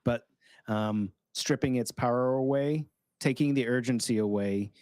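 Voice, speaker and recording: A man's voice: mid-range voice, measured pace, darkish tone, no echo. A man on a casual podcast chat, explaining ideas reflectively and voicing an inner critic. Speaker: podcast co-host.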